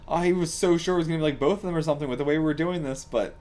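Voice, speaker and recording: A man hosting a casual reaction commentary, excitable and laughing often, swearing freely and rambling with lots of fillers. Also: a little high, fast talker. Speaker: reaction channel host.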